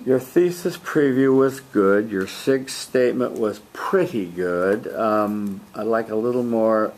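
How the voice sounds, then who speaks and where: Slow, low-voiced male speech instructor. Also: a little hiss or hum. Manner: measured, steady critique with frequent ums. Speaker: speech instructor and debate coach. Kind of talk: giving spoken feedback on a student's speech.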